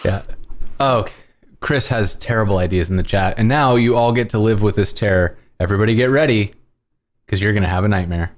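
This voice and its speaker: A man's voice: lowish voice, a little fast, slight background noise. A man hosting a live coding stream, chatting casually and laughing often. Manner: laughs often, animated and playful. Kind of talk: casual chat.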